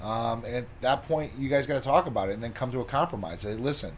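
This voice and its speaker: A man's voice: mid-range voice, quick pace. Easygoing man co-host with faint hiss. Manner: relaxed, loose, many fillers like "you know" and "like". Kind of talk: casual chat.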